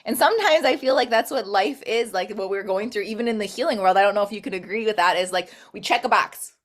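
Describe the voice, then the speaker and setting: A woman's voice: mid-range voice, fast. A woman talking earnestly in a casual spiritual podcast chat, flowing speech full of "like".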